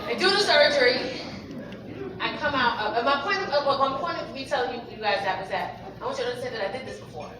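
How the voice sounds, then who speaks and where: A woman doing stand-up on a comedy club stage, loud and profane, shifting from hushed to shouting. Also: a little high, expressive, fast talker. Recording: echoey club from far off, loud crowd and noise.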